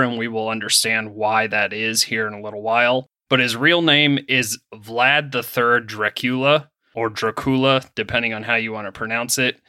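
A man's voice: medium pitch, sharp tone, smooth, no echo, studio quality. A young man from Pennsylvania co-hosting a podcast, reading through a history story casually and joking about his pronunciation. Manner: self-deprecating, reads history notes in an easygoing way. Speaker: podcast co-host.

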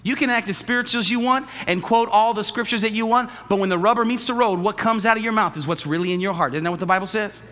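A male pastor preaching a lively, joking sermon in a church, often acting out the people he describes. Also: sits high, fast talker, hardly any pauses. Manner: animated, jokey, acts out quoted voices. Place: church sanctuary. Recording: long church hall reverb.

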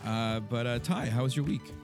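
A man's voice: medium pitch, normal speed, faint music behind. A man co-hosting a casual sports podcast, laid-back, laughing often and using lots of filler words. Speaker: podcast co-host.

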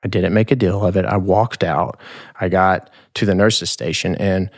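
Low gravelly man telling a family story. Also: fairly even intonation. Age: 30s. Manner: measured, reflective, tender. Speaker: podcast host. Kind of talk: personal storytelling.

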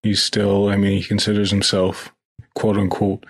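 Low-voiced man recapping a film casually. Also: completely flat delivery, breathy edge. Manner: unhurried, hesitant, lots of fillers and restarts. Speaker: podcast co-host recapping a film. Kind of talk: casual chat.

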